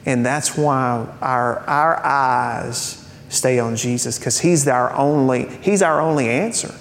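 A man's voice: slow pace, creaky. A man preaching a sermon to a congregation, talking in a conversational way with rhetorical questions and light humorous asides. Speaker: pastor. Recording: reverberant hall with faint rumble.

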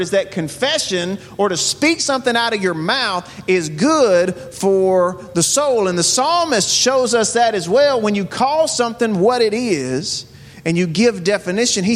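A man's voice: sits high, in a large hall. A man preaching a sermon as pastor, earnest, asking his listeners one rhetorical question after another.

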